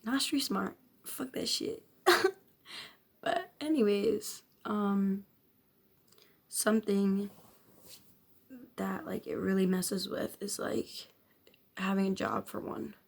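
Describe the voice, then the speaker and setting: A woman's voice: mid-range voice, fairly even intonation, slow, vocal fry, long pauses, husky. A young woman vlogging a frank personal confession, rambling with constant filler words and casual swearing. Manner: frank, self-questioning, occasional nervous laughs.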